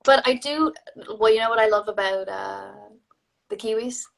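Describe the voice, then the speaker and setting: A woman's voice: a little high, moderate pace, creaky. An Irish woman guest in a casual interview, telling stories and acting out what people said. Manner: animated storytelling, acts out quoted people. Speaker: actor, guest.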